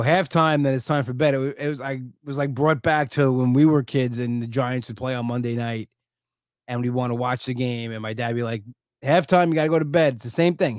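A podcast host, exhausted and low on energy, rambles through a story in a casual solo monologue. His mid-range voice moves fairly quickly, with restarts along the way, and he gets animated when quoting people. The studio-quality audio has no echo.

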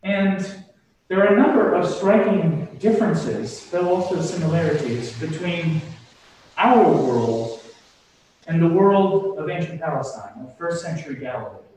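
A man preaching a sermon in a slow, deliberate, emphatic way. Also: fairly high pitch, expressive, darkish tone. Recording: echoey room from far off.

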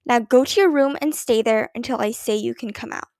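Lady doing a worn-out patient mom, calm, highish voice. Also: fairly quick, dry recording, clean studio sound, close to an everyday voice. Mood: weary. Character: patient, tired mother.

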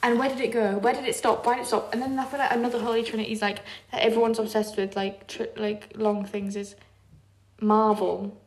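A young woman co-hosting a podcast, chatting casually and gushing about films and shows with quick asides. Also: on the high side, level tone. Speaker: podcast co-host. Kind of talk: casual chat.

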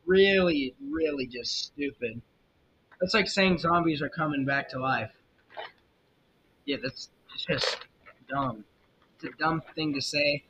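A young man hosts a casual solo podcast, talking in a rambling, opinionated way with plenty of fillers and restarts. His voice sits a little high and sounds bright and edgy. The recording is muffled and lo-fi, with a faint rumble underneath. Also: slow pace, pauses often. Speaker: podcast host. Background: faint jazz music.

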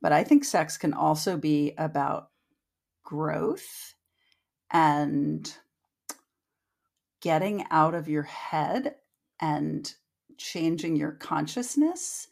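A woman's voice: sits low, extremely slow, creaky, pauses often, darkish tone. A woman guest author in casual podcast chat, retelling a story loosely with lots of fillers.

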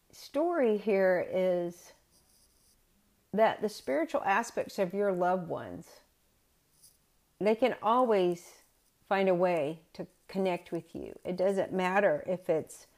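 A middle-aged woman telling a personal story in a chatty podcast style, correcting herself as she goes. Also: medium pitch. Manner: conversational, with self-corrections. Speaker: podcast host.

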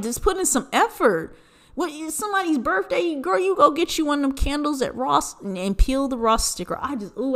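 A woman hosting a casual solo podcast, ranting in a profane, animated way with big jumps in pitch for emphasis. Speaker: podcast host.

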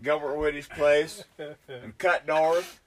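A man's voice: a little high, slow pace, a crowd in the background. An older man telling rambling, profane stories in a casual chat, laughing as he goes. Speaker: storyteller among hunters. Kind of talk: casual storytelling.

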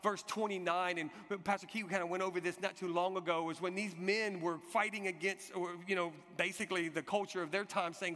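A man preaching a sermon, telling an animated personal story and acting out the people in it. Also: high voice, brisk, few pauses. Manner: animated storytelling, shouts acted quotes. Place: church hall. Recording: long hall reverb.

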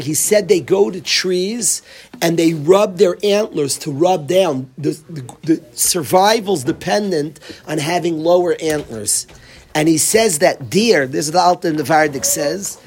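A man with a somewhat high, husky voice leads an informal Torah class. He repeats his key phrases for emphasis and weaves Hebrew terms in among casual personal asides. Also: a little mellow. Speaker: rabbi teaching a Torah class. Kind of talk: informal Torah lecture with stories.

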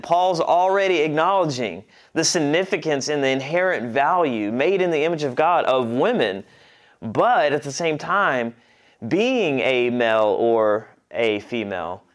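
A man's voice: fairly high pitch, expressive, unhurried. A man teaching a church class, talking conversationally, restarting phrases and checking that the group follows.

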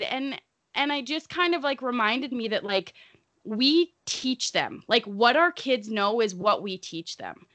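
This is a woman hosting a relaxed podcast conversation. She talks earnestly and wanders through her thoughts with many fillers. Her voice is bright and sits dry and close. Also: on the high side, a little slow, no echo. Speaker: podcast host. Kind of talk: casual chat.

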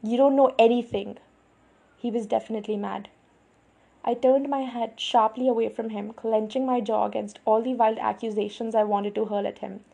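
Female audiobook narrator: measured first-person storytelling, dark breathy tone. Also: a little high, fairly even intonation. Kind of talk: first-person novel reading.

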